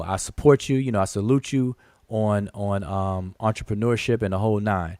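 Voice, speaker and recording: A man with a low voice leads a screen-share lesson, emphatic and full of repeats as he points things out. He counts figures aloud and keeps circling back. His voice is recorded dry and close, with no room sound. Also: fairly even intonation, normal speed, a little mellow, no echo. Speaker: channel host teaching hieroglyphs.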